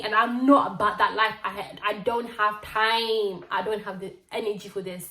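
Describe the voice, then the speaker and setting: A young woman from Zimbabwe, telling a story on her vlog in a lively, slangy way. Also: medium pitch, unhurried. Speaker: vlogger. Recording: roomy echo.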